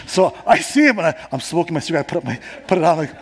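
Male pastor from New York, husky and breathy, animated sermon delivery with loud and hushed swings. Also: on the high side, very fast. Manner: animated preaching, swinging between loud emphasis and hushed tones. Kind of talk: sermon with personal story.

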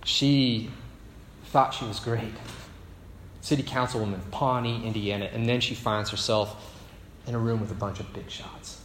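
A man's voice: lowish voice, fairly bright tone, slight background noise. A male pastor preaching a sermon, telling stories and tossing in rhetorical asides. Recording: echoey hall with faint ambience.

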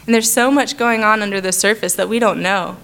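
A woman's voice: mid-range voice, steady tone, a little fast, creaky, fairly bright tone, clear, resonant tone. A young adult woman giving a heartfelt personal testimony to her church, talking in an earnest, conversational way. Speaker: church speaker sharing a testimony.

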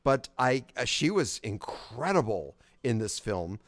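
A man co-hosting a podcast in casual movie chat, animated and quick with interjections and repeated words. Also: medium pitch, no echo. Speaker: podcast co-host.

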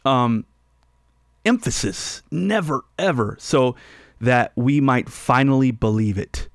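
Slow, emphatic male radio Bible teacher. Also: medium pitch, smooth, no room sound, clean studio sound. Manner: emphatic, stresses and repeats key phrases.

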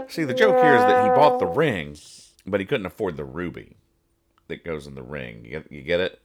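A low-voiced man with big pitch swings talks a little fast over soft background music while hosting a casual podcast. He reads comics, rambling and joking, and explains each punchline in this comedic chat.

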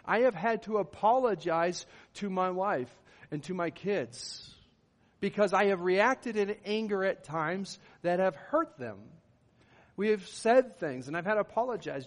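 A middle-aged pastor delivers a sermon in an earnest, conversational way, his fairly high voice rising into emphatic bursts. The sound carries the long reverb of a large hall, and his talk mixes plain explanation with loud, pointed emphasis. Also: lively intonation, a little slow.

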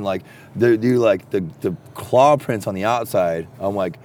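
A man telling a long story in a profane, rambling, casual way that turns animated when he gets excited. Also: fairly low pitch, normal speed. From Texas.

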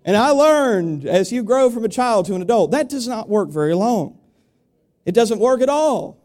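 A man preaching a sermon to his congregation, speaking conversationally and asking them rhetorical questions, building up in volume and then dropping to a quiet, confiding tone. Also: high voice, lively intonation, normal speed. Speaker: pastor.

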